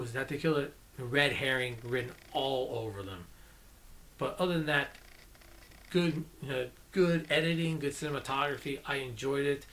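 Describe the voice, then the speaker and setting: Man, slightly high voice, casual movie review, enthusiastic, rambling. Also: fairly bright tone, a little hiss or hum. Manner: enthusiastic, rambling, self-correcting.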